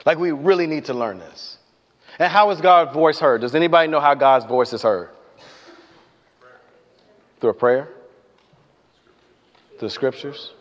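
This preacher's voice, a touch higher than most men's, rings through a large hall with a lengthy reverb tail on a muffled, low-fidelity recording. He moves at a measured pace with frequent pauses, animating the scripture story, performing the characters' voices, and questioning the congregation.

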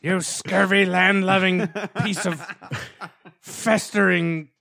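A man putting on the voice of a gruff old pirate who sings sea shanties. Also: high-pitched, little pitch movement, takes it slowly, pushed and bright, pitched above the performer's own voice, heavily acted. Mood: insulting. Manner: growling pirate exclamations.

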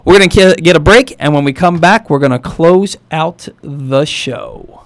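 A man's voice: fairly high pitch, normal speed, dry recording. A man hosting a sports talk radio show, chatting enthusiastically and reading sponsor plugs.

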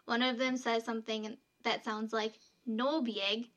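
A woman co-hosting a podcast tells a true story in a casual, chatty way, reading long quotes aloud between fillers. Her voice sits a little high, and her pitch stays quite flat and level. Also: normal speed, highs cut off. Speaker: podcast co-host telling the story.

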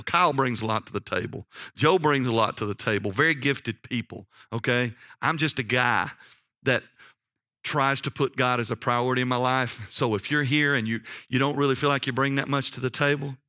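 A middle-aged man delivers a sermon full of personal stories, folksy and animated, frequently pausing to check in with "okay?". His pitch is medium and his pace moderate, captured in a dry, clean studio recording.

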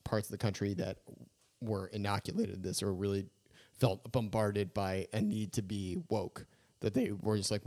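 A man co-hosting a casual comedic podcast, talking in an animated, jokey way and slipping into mocking voices. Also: on the low side, moderate pace. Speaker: podcast co-host.

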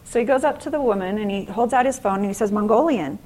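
A middle-aged woman speaking to an audience in an inspirational faith-based talk, telling stories in an earnest, animated way. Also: a little high, fast, a little hiss or hum, rough recording.

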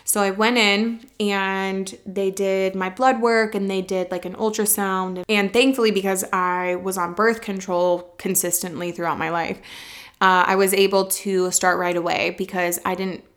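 A woman in her twenties recounts her own experience in a candid, unpolished way. She is blunt and swears freely, and her voice is mid-pitched for a woman. Her telling carries an emotional edge, as if she is working not to cry. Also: flat delivery, a little slow, a bit bright. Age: 20s. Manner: emotional, fighting back tears at times. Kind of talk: candid personal storytelling.

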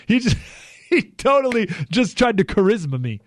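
Radio talk guy, american, bouncy voice that jumps loud then drops quiet, dry studio sound. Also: high-pitched, fast talker, no room sound. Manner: animated, swings between loud and hushed emphasis. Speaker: radio talk show host.

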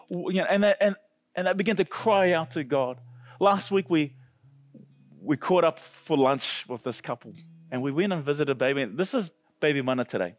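A male pastor preaching a sermon with passion, often climbing to loud, high peaks. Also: lively intonation, normal speed, dry recording. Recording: dry close sound with faint music.

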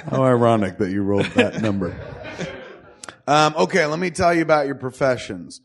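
A man runs a tabletop role-playing session in a casual, profane way. He hands out characters with crude jokes and keeps chuckling at his own setups. His voice sits at an ordinary middle pitch. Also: lively intonation, moderate pace. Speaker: game master.

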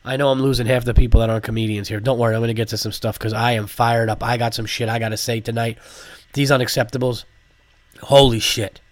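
A man's voice: mid-range voice, fast talker, no echo. A congested male comedian holds forth on his own podcast, his mid-range voice sounding stuffy from a cold. His talk is loose and profane, with plenty of fillers. The sound is dry and close, with no room around it. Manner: animated, profane, rambling with fillers. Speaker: podcast host, stand-up comedian. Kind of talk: casual solo podcast monologue.

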